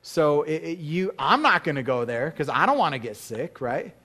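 In church, a male pastor preaches casually to the congregation, posing questions and acting out voices in his stories. His fairly high voice is bright and forceful, sing-song, at a moderate pace.

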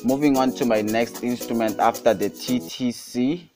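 With a beat playing in the background, a young man from South Africa walks through making a beat in a casual screen-recorded tutorial. He has a medium-pitched voice, a steady tone and a moderate pace, and he repeatedly says guys and describes things as super hot.

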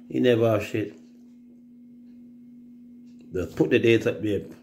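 Jamaican man, gravelly voice, casual profane storytelling, rambling. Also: medium pitch, measured pace, pauses often, a little mellow, a little hiss or hum. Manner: rambling, profane, slips into mimicking other people's voices. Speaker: reggae artist telling stories on a livestream.

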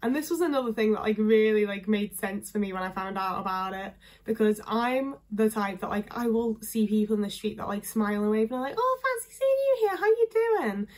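A woman's voice: mid-range voice, fairly even intonation, a little fast, hardly any pauses, a little mellow. A young woman with a northern English accent chatting casually to camera, full of filler words. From England. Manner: chatty, lots of fillers, candid. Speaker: vlogger. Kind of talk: casual talking-head chat.

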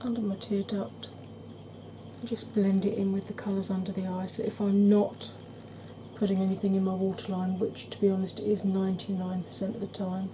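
A woman chatting gently through an ASMR makeup tutorial, calling viewers "darling". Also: medium pitch, monotone, normal speed, noisy background. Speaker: beauty vlogger.

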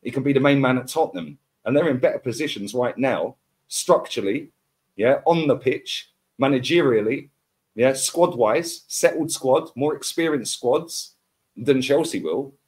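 A man's voice: mid-range voice, moderate pace, darkish tone. A man, ranting as a football podcast pundit in heated casual chat, full of slang and repeated words.

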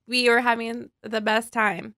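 A woman's voice: a little high, no room sound, studio quality. A woman co-hosting a podcast, telling a story with dramatic emphasis in casual chat. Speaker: podcast co-host.

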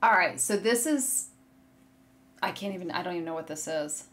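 A woman's voice: on the low side, normal speed. Gushing woman showing off yarn. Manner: gushing, excitable, talks straight to viewers. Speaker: podcast host. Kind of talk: casual chat showing yarn on camera. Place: home room with a curtain behind her. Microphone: desk setup facing a monitor.

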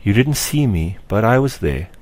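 A man voicing a calm, motherly spirit girl. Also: on the low side, normal speed. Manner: calm, soft, soothing. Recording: dry close recording.

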